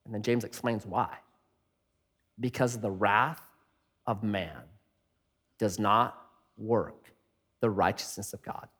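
A man preaching a sermon, switching between loud, emphatic passages and hushed ones. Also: on the low side, slow pace, long pauses, slightly rough. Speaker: pastor. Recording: long hall reverb.

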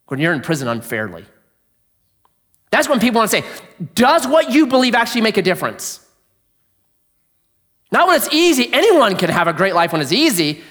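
A man preaching a sermon, telling the story with animated questions to the congregation and dropping to a hush to make his points. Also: high-pitched. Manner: animated storyteller, asks the audience questions, drops to a hush for emphasis. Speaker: pastor.

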